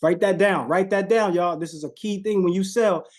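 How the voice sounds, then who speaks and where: A man with leads a live sales coaching call, with a somewhat high voice and a dark, mellow tone. He preaches and repeats phrases, drops his voice low and slow for effect, and keeps turning to his listeners. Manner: preachy, repeats phrases, shifts tone on purpose, talks to audience as y'all.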